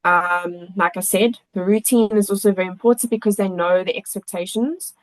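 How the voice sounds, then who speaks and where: A woman's voice: mid-range voice, fairly even intonation, moderate pace, low-quality recording. A woman guest on a podcast, a children's coach, speaking earnestly and thoughtfully in casual conversation.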